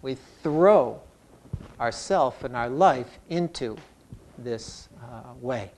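A man who teaches Zen, giving a calm, reflective dharma talk with touches of humor. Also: medium pitch, slow pace, a little hiss or hum.

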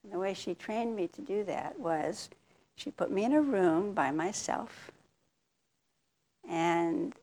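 An older woman giving a reflective talk as a meditation teacher, telling a personal story candidly and with soft laughs. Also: lowish voice, expressive, takes it slowly, long pauses.

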